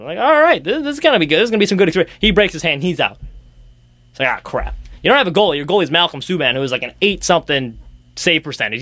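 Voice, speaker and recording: A young sports podcast host rambles and rants on his casual talk show, throwing in sarcastic jabs. His voice is fairly high and fairly bright, with no room sound.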